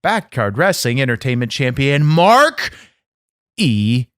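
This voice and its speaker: Man doing a cocky, sharp-voiced wrestling champ. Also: medium pitch, very animated, takes it slowly, smooth, dry recording, clean studio sound. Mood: boastful. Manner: boastful, profane, blustering. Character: brash foul-mouthed male backyard wrestling champ. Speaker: podcast host. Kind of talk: comedy podcast character bit.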